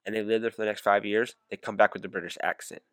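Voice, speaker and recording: Hesitant low-voiced man in his forties. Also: quick pace, dry recording. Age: 40s. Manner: hesitant, searches for words, calm. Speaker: podcast co-host. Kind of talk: casual chat.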